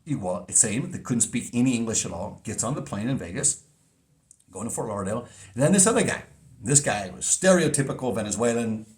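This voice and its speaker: A man's voice: mid-range voice, a little mellow. A man vlogging in a casual monologue, telling a story in an earnest, emphatic way.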